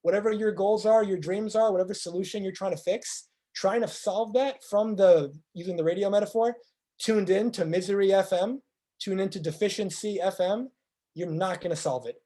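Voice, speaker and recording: Man, motivational speaker, high voice, warm tone, earnest, rhetorical questions. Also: moderate pace. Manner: earnest, acts out quoted speakers in lively voices. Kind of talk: motivational presentation.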